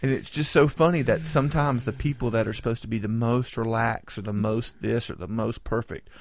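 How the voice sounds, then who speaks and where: A man co-hosting a podcast, telling a story in an animated, indignant way. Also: mid-range voice, fairly quick. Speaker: podcast co-host. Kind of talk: casual chat.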